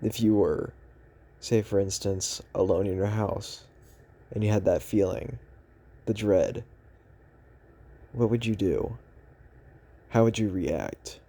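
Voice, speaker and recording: A man with a scratchy throat narrating a horror story voiceover in a low monotone, hushed on the eerie lines. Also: a little slow. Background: music.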